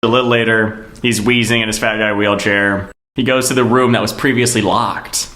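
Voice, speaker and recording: A man's voice: fairly low pitch, moderate pace. Man retelling a film, roomy sound. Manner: animated storytelling, voices quoted lines, laughs at own jokes. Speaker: comedian retelling a movie plot. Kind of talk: comedic podcast chat.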